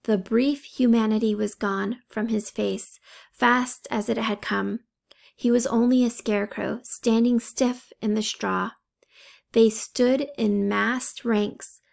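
Woman, audiobook reader, calm, measured, slow, gravelly. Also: fairly high pitch. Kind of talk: storybook narration.

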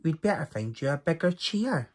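A man voicing a gentle hen teacher. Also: on the high side, big pitch swings, normal speed, husky, pitched above the performer's own voice. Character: gentle hen schoolteacher, kindly and patient.

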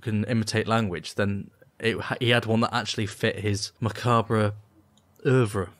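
A man with a somewhat low voice co-hosts a comedy podcast, recorded dry and close. He tells rambling stories and delivers tall tales deadpan, with plenty of ums. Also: measured pace, no room sound. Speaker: podcast co-host. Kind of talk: casual comedic chat.

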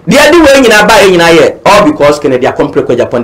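A man's voice: fairly high pitch, wildly swooping pitch, quick pace, a bit bright, rough recording. A Ghanaian man giving a fervent political talk, mixing Twi and English and repeating his points. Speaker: political commentator.

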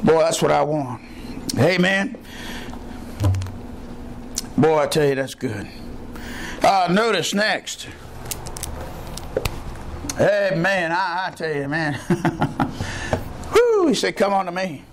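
Man, pastor, sermon, folksy storytelling, high voice, faint room hum behind. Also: very slow, long pauses. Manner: folksy storytelling preaching, rising to excited high-pitched bursts. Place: church.

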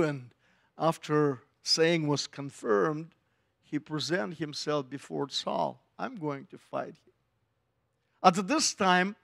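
A middle-aged man preaches, his voice pitched fairly high for a man. He takes his time, speaking slowly and deliberately, and brings the story to life by acting out the voices of its people. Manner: animated storytelling, acting out voices of biblical figures. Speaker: pastor. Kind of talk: sermon.

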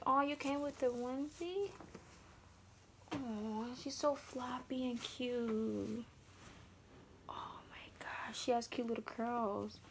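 Gushing young woman vlogger, slightly high. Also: a little hiss or hum. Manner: gushing, breathy asides and whispers. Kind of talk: casual unboxing vlog.

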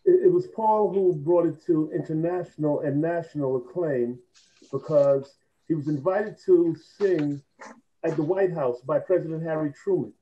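Impassioned man, dull lo-fi sound. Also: fairly high pitch. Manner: impassioned storytelling. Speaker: panelist. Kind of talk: panel discussion.

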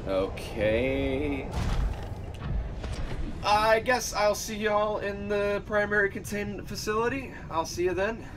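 A man's voice: sits high, animated, slow, background noise. A man hosting a let's play, chatting playfully through casual gaming commentary and talking to the creatures on screen. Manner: playful, chatty, gushes and talks to game creatures. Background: game music.

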